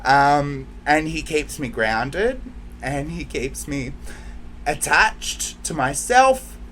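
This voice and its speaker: A man hosting his channel in an emotional, heartfelt monologue to the camera, near tears, swinging between hushed lines and loud bursts. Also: on the high side, lively intonation, slow, slight background noise. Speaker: channel host.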